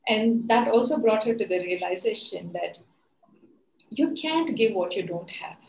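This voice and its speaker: A woman's voice: medium pitch, a little slow, vocal fry, echoey room, a little hiss or hum, poor audio. Woman coach telling a story. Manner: earnest, lively storyteller with many fillers. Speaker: life coach. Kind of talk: storytelling motivational talk.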